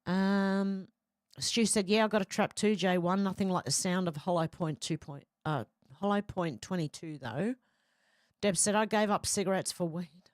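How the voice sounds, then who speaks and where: Reading viewer comments aloud, this middle-aged livestream host keeps the chat casual and talkative. She has a fairly low voice and a moderate pace, captured in studio quality without echo.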